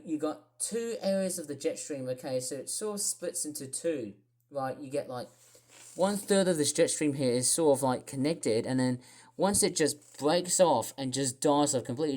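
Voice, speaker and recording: A woman's voice: low voice, mellow. A woman with an Australian accent, rambling through casual weather commentary on her own channel with lots of fillers and asides. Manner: rambling, thinking aloud with many fillers. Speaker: weather vlogger.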